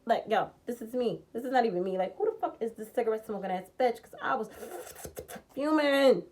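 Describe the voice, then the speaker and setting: A woman vlogger telling a personal story in a blunt, profane, animated way, jumping from loud outbursts to low muttering. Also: brisk. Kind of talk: casual storytime vlog.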